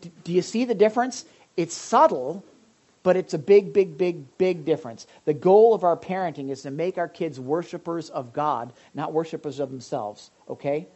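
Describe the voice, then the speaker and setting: A man preaching a conversational sermon to his congregation, lively and direct, with frequent asides and questions to his listeners. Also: on the high side, normal speed. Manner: animated, addresses the audience directly, frequent asides. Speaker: pastor.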